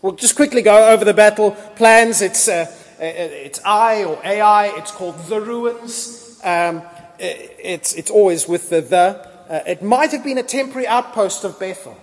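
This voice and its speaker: Man, pastor's sermon, playful storytelling, high-pitched, long hall reverb. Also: moderate pace. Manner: lively, acts out biblical dialogue in casual voices.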